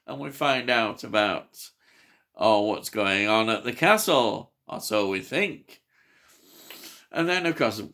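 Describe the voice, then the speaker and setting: Low, creaky male reviewer, unhurried and halting, eager about the film. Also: bright, forceful tone. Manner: hesitant, many fillers and restarts; enthusiastic. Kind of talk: casual film review chat.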